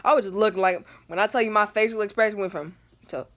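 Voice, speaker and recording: A woman's voice: medium pitch, quick pace. Chatty teenage girl telling a story. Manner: animated, chatty storytelling with slang. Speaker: vlogger. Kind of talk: storytime vlog. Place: at home.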